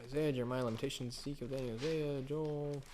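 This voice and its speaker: A man's voice: medium pitch, steady tone, fast talker, background noise. A man teaching from the Bible in a casual, conversational sermon. He tells stories, jokes on the side and asks rhetorical questions.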